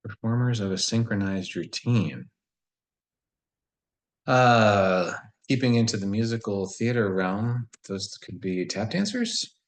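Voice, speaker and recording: A man's voice: on the low side, expressive, takes it slowly, rough recording. A man solving a word puzzle and thinking aloud in a casual, musing way, often questioning himself. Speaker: puzzle solver.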